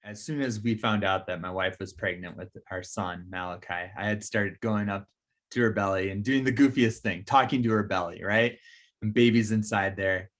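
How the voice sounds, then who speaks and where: A father with a fairly low voice tells a tender story in a documentary interview. He speaks earnestly and plainly. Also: normal speed, fairly bright tone. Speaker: father telling a family story.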